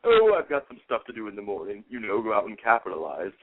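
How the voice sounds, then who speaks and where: A man's voice: on the low side, huge pitch swings, fast talker, pitched below the performer's own voice. A man putting on a smug, teasing caller's voice over a tinny line.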